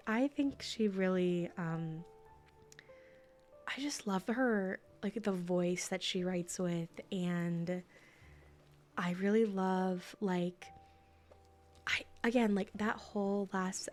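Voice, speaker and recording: A woman streamer reading a book aloud in a soft ASMR-style voice, dropping now and then into whispers, then chatting in a halting way with fillers. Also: medium pitch, faint music behind. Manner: soft-spoken, slipping into whispers.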